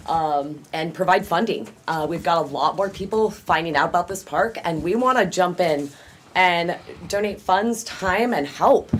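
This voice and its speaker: Low-voiced, folksy woman speaking at a board meeting. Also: a little hiss or hum. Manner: friendly, folksy, a bit halting. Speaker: public commenter. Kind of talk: public comment at a board meeting.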